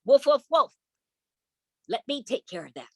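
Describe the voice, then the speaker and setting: A woman voicing a scruffy, stubborn little male dog who woofs and speaks slowly and earnestly, told over a video call. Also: lowish voice, sing-song, no echo, clean studio sound, pitched above the performer's own voice. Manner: slow, earnest, with barking woofs.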